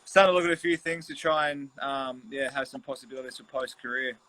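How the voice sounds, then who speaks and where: A man in his thirties with a mid-range voice speaks as a guest on a video call. He talks in a relaxed, laid-back way, easygoing and unhurried. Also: medium pitch, low-quality recording. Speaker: guest, professional basketballer. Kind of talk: casual interview chat.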